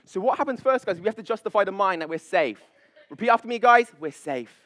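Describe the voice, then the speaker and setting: A man, a public speaking coach, leading a live seminar on stage with high energy, playful banter and frequent laughs. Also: lively intonation, fast, fairly bright tone, no echo, clean studio sound. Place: event stage before an audience.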